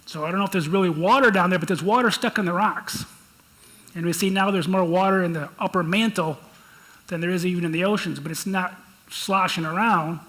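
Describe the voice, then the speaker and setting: A man's voice: high voice, brisk, bright, forceful tone, poor audio. A man with a Michigan accent giving a conversational geology lecture from slides, often repeating words as he explains. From Michigan, United States. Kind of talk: lecture presentation.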